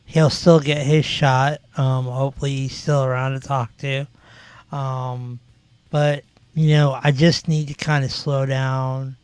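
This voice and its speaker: A man in his forties hosts a casual podcast chat, talking at an unhurried, slow pace and wandering through his stories with plenty of ums. His voice comes across smooth and clear, recorded close and dry with no room sound. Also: medium pitch, level tone, dry recording. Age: 40s. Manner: rambling, filler-heavy storytelling. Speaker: podcast host.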